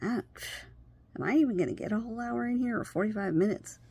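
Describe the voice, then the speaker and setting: A woman vlogger talking candidly to camera about her own experience, halting and often losing her train of thought. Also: a little high, gravelly, mellow, husky, dry recording. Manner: frequent pauses and restarts. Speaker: vlogger sharing personal experience. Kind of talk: candid personal talk to camera.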